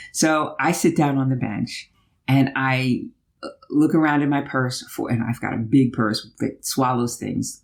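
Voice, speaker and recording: A middle-aged woman tells a personal story in a chatty, animated way, often checking in with her listener. She is speaking from a car during a road trip. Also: rumbling low. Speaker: vlogger. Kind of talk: storytelling while driving.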